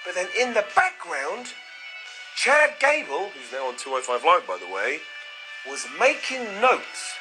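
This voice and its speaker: A man hosting a comedic wrestling recap, excitable and sarcastic, with quick put-on asides. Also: high voice, music in the background, poor audio. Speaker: wrestling show reviewer, host.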